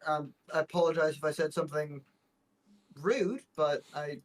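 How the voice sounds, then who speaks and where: A man's voice: on the high side, normal speed. A man playing a tabletop game, talking in a rambling, hesitant way with many restarts. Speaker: player. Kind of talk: casual tabletop game chat.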